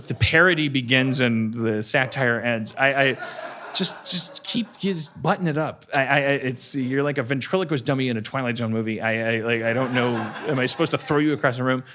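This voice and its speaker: Bright rambling man telling a story on stage. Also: medium pitch, moderate pace, a little hiss or hum. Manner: rambling, stammering, animated storyteller who acts out voices. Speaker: podcast host. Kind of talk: live comedy podcast storytelling. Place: live stage before an audience.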